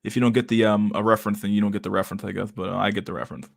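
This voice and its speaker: A man's voice: fairly low pitch, fairly even intonation, very fast, vocal fry. A man giving casual, rambling livestream commentary on pictures, swearing constantly and laughing often. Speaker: streamer reacting to pictures.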